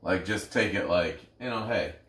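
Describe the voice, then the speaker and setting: Male co-host, very deep voice, casual profane sports banter full of restarts, echoey room, off-mic. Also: normal speed, a bit bright. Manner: loose and profane, many ums and restarts. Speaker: podcast co-host. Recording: roomy echo, a bit far from the mic.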